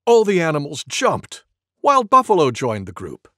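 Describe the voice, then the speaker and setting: A man reading a children's storybook aloud as a friendly male goose storyteller, in a slow, very lively sing-song way. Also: a little high, full character voice. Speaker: storybook reader. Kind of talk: children's read-aloud narration.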